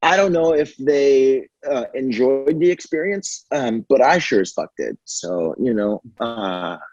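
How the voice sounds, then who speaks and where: Young guy rambling thru a story, swears a lot, husky dark voice, dull dry recording. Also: medium pitch, expressive, measured pace, no echo. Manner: rambling, profane, lots of fillers. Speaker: podcast guest. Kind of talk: casual storytelling chat.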